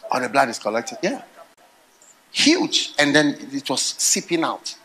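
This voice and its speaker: A middle-aged man preaching a sermon, telling stories with animated swings into loud, laughing outbursts. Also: medium pitch, measured pace. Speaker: pastor.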